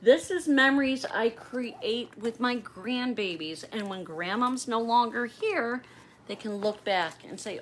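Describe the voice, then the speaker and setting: A woman's voice: on the high side, animated, a little slow, fairly bright tone, slight background noise, poor audio. A middle-aged woman hosting a casual livestream, chatting and rambling as she talks straight to her viewers. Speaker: livestream host.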